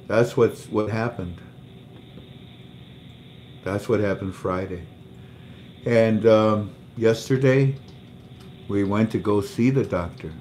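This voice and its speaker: A man's voice: lowish voice, darkish tone, a little hiss or hum. A man hosting a casual livestream, telling an emotional story and often repeating his words. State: under treatment for cancer. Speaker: livestream host.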